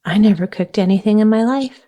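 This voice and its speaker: A woman voicing a gentle, earnest young girl in a storybook reading, sounding a little plaintive. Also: medium pitch, a little fast, close to an everyday voice.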